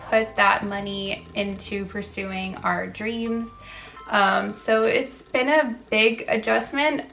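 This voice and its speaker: A young woman in a casual vlog chats about her life in a mid-pitched, everyday voice. She leans on fillers and trips over a word now and then before moving on. Faint music plays quietly under her talk. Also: creaky. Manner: chatty, filler-heavy, self-correcting, frequent "like" and "um". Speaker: wellness vlogger. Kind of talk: casual chatty facts video.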